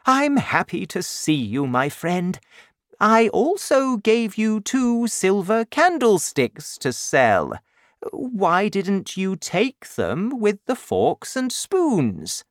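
A reader doing a calm, kindly old bishop. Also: mid-range voice, slow, dry recording, studio quality, pitched above the performer's own voice. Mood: gentle.

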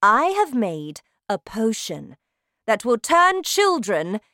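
A woman voicing a cruel, bossy female witch leader who shouts her orders with scorn, in a storybook reading. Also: on the high side, sing-song, slow pace, dry recording, clean studio sound, pitched above the performer's own voice, exaggerated voice. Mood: scornful, commanding. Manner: shouting, commanding, contemptuous.

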